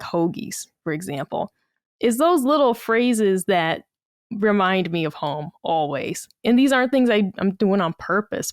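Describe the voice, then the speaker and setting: A woman with a Massachusetts accent, talking through stories on a podcast in an easy, chatty way and acting out what others said. Her voice sits at an ordinary middle pitch. The sound is dry, with no room echo. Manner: chatty storytelling, quotes people in lively asides. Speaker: podcast co-host. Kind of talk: casual podcast chat.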